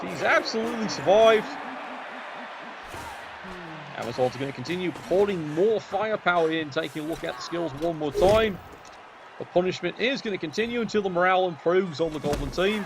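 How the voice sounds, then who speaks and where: Man, higher-pitched voice, wry sarcastic game commentary, noisy recording with background hiss. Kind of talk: play-by-play commentary on a video game match.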